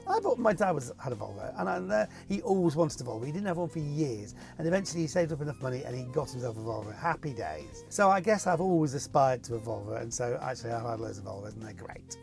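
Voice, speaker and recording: A man's voice: a little high, big pitch swings, quick pace, creaky, hardly any pauses, darkish tone, soft background music. A man hosting a casual question-and-answer chat to camera, rambling and laughing as he reads out and answers viewer questions.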